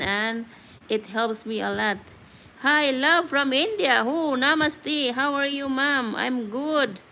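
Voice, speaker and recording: A woman's voice: fairly high pitch, bright, forceful tone, slight background noise, poor audio. A woman from the Philippines hosting a casual live-stream chat, greeting viewers by name in a chatty, friendly way. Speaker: livestream host. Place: home in Australia.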